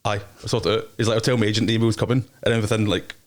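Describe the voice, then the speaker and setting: A man's voice: fairly low pitch, little pitch movement, rapid-fire. A young Scottish man, a DJ and promoter, telling rambling, slangy anecdotes as an interview guest. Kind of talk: casual interview chat.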